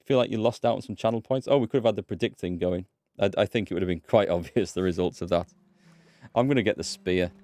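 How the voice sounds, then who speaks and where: A man's voice: low voice, fast talker, a little mellow. A British man streaming a game, chatting casually, answering his chat and laughing easily. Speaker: let's play gamer and streamer. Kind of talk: casual live-stream commentary.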